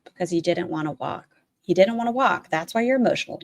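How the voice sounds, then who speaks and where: A woman's voice: on the low side, lively intonation, quick pace, no room sound. A woman streamer giving blunt, sarcastic live-stream commentary on clips, swearing freely.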